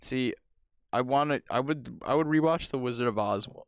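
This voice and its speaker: A man's voice: mid-range voice, moderate pace, no echo, highs cut off. A young man co-hosting a podcast in loose, joking casual chat, swearing often. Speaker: podcast co-host.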